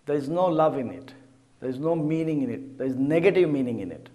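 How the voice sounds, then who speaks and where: A middle-aged man teaching about mantra chanting in a measured, deliberate way. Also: fairly high pitch, warm tone. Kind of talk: slow explanatory teaching.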